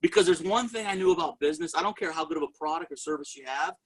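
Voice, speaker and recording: Energetic male sales presenter, high husky voice, tells his story straight to the crowd. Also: racing, rough recording. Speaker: network marketing presenter. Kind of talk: motivational sales testimony.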